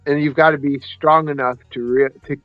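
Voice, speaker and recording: A man's voice: a little high, steady tone, normal speed, no echo, soft background music. A man casually telling a personal story on a podcast, rambling and correcting himself as he goes. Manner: rambling, self-correcting, acts out voices in his stories. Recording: dry, slightly muffled podcast audio.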